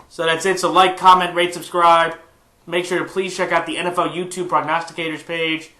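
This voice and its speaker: A man's voice: a little high, flat delivery, fairly quick, pushed and bright, roomy sound. A man with a stuffed-up nose giving his weekly football picks in a casual, rambling monologue full of fillers and restarts. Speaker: sports picks YouTuber. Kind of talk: casual sports prediction monologue.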